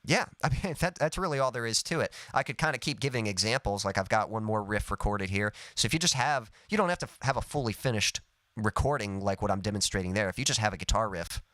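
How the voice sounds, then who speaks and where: A man's voice: on the low side, animated, fast, fairly bright tone, no echo. A man teaching songwriting in a live lesson, explaining step by step in an easygoing way with lots of "sort of" and "kind of.". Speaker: songwriting coach.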